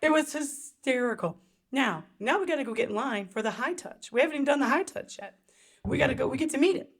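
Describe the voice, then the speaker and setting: A middle-aged woman co-hosting a podcast, telling a story in casual chat, swearing freely and acting out quotes in high voices. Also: animated, quick pace. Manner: swears freely, laughs often. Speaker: podcast co-host.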